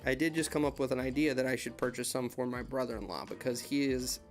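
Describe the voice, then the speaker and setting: Speaking fast in a steady, medium-pitched voice, this US man hosts an informal live-stream Q&A at his desk with faint music behind him. A heavy equipment operator with a YouTube channel, he chats in meandering stories and says hello to viewers by name.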